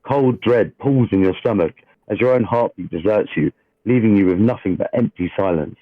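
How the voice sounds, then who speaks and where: A man's voice: on the low side, dry recording. A man reading a fantasy game recap aloud and joking casually between readings. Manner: jokey, swears casually, reads narration slowly. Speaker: player reading the session recap. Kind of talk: casual chat and read-aloud fantasy narration. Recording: dull lo-fi dry sound.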